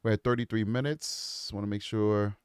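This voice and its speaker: A man's voice: lowish voice, fairly even intonation, normal speed, clear, resonant tone, no room sound, studio quality. A man hosting a live true crime show, chatting casually and breaking into impassioned tangents. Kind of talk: live-stream commentary.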